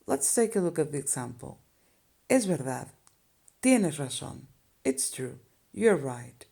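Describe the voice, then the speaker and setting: A woman's voice: low voice, very animated, a little slow, gravelly, warm tone, breathy edge. A woman with a Spanish accent teaching basic Spanish phrases in English, patiently explaining each phrase step by step. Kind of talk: language lesson explanation.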